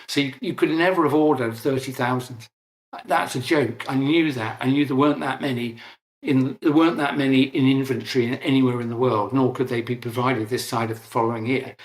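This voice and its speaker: A man's voice: mid-range voice, fairly even intonation, brisk, echoey room. A middle-aged man, an interview guest, explaining at length in a conversational, emphatic way and correcting himself as he goes.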